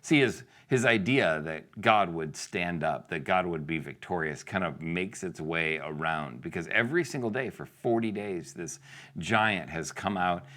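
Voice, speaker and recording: A man with a deep, low-pitched voice delivers a sermon in a loose, conversational style. He keeps asking rhetorical questions and briefly acts out the voices of the people in the story. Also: a little slow, fairly bright tone. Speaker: pastor.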